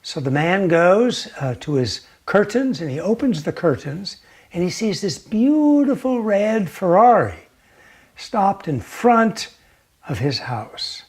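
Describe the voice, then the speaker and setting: A man giving a gentle teaching talk, telling a story slowly and sometimes dropping to a near whisper. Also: high-pitched, sing-song, slightly rough. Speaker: meditation teacher.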